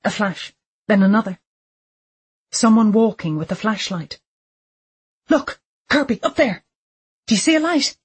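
A woman reading a dark thriller audiobook aloud, measured and deliberate, with quiet tension. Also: lowish voice, breathy edge. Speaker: audiobook narrator. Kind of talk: scripted narration of a dark thriller.

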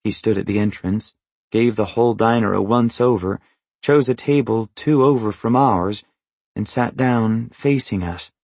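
Low husky male audiobook narrator. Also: a little slow, dry recording. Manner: even, understated, matter-of-fact. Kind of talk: first-person literary narration.

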